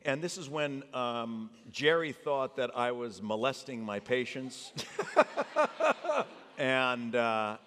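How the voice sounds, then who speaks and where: A man telling anecdotes about his acting work on stage before a live audience, acting out the people he quotes. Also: medium pitch. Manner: animated anecdote teller, acts out quotes. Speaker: actor discussing his memoir. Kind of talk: storytelling on stage. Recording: long theater reverb.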